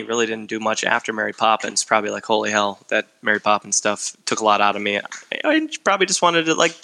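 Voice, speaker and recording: Male podcast host, gravelly and bright, laid-back and joking. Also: medium pitch. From Michigan. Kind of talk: casual chat.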